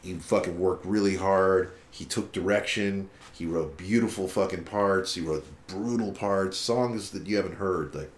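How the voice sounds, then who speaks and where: A man's voice: low voice, normal speed, few pauses, reverberant. A man telling a long story in a casual interview, swearing freely and acting out what others said. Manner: profane, animated retelling with quoted dialogue. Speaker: musician guest.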